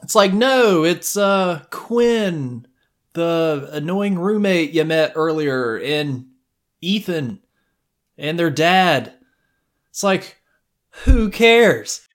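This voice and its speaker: Chill slow guy on a movie podcast, dry, kinda laid back. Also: a little high, lively intonation. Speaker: podcast co-host. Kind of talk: casual movie review chat.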